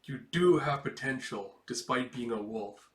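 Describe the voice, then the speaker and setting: A man's voice: mid-range voice, expressive, measured pace, fairly bright tone, reverberant, distant mic. A man reading the lines of a fierce female pirate commander in a dry, amused way.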